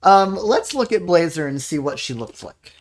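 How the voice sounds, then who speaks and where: A player talking through a game demonstration in a loose, conversational way. They stop and restart often and fill pauses with ums, with an easygoing tone throughout. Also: mid-range voice, slight background noise. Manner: relaxed, hesitant, with frequent ums and restarts. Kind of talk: casual live game walkthrough.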